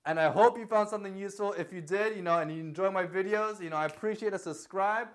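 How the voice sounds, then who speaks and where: A man's voice: high-pitched, quick pace. A young man teaching singing in an online vocal lesson, coaching directly and asking the viewer questions.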